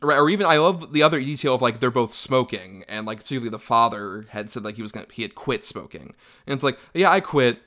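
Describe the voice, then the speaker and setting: A man talking fast about a film he loves. His words tumble out, packed with fillers, and he breaks into little acted-out quotes from the scenes as he goes. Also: mid-range voice, pushed and bright. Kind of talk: casual film discussion.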